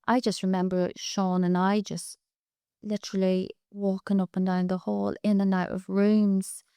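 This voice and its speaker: A woman's voice: mid-range voice, little pitch movement, a little slow, warm tone, smooth, dry recording, clean studio sound. A middle-aged Irish woman, an interview guest, recounting a painful personal story with quoted dialogue, her words raw and urgent at times. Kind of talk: emotional personal account.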